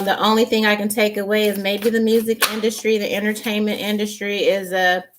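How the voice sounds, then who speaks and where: A woman giving a casual tarot reading, halting with many fillers and restarts. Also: mid-range voice, fairly bright tone, slight background noise. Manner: grows impassioned and indignant. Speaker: tarot reader.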